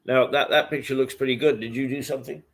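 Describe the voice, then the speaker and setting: A man hosting a morning talk show from a hotel, rambling and halting with many fillers. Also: mid-range voice, steady tone, gravelly. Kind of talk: casual chat. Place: hotel room.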